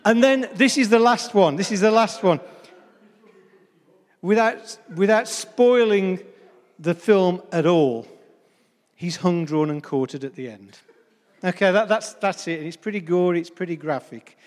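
A man's voice: high-pitched, a little slow. A man preaching a sermon to a congregation in a chatty, humorous way, often addressing them directly. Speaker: pastor. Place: church hall before a congregation. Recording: long reverb of a church hall.

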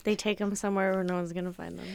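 A woman's voice: on the low side, little pitch movement, very fast, vocal fry. A woman co-hosting a casual podcast, teasing her friend in a playful way and laughing easily. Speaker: podcast co-host. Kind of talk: casual chat.

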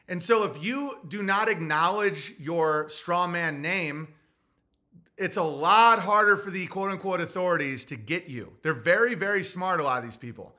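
A man with a New Jersey accent holds forth in a loose podcast monologue. His voice sits high and sounds bright and forceful, and he keeps jumping into put-on voices to act out what others say. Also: normal speed. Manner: animated, acts out quotes in put-on voices. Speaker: podcast host. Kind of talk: casual monologue.

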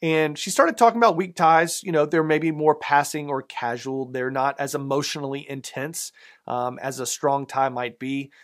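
A man's voice: on the high side, normal speed. A man with a Southern American accent preaching a sermon as pastor, in a conversational way with many fillers and asides.

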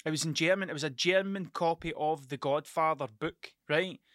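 A man's voice: fairly high pitch, normal speed, fairly bright tone, no echo, studio quality. A middle-aged man, hosting a casual solo podcast and telling rambling, sweary stories that keep restarting themselves. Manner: rambling, sweary, self-interrupting storytelling. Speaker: podcast host.

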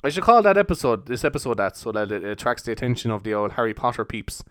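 Recorded in studio quality without room sound, a young man hosts his own casual podcast, speaking fast in a sing-song, fairly bright mid-range voice. He wanders from point to point, piling on fillers and laughing often.

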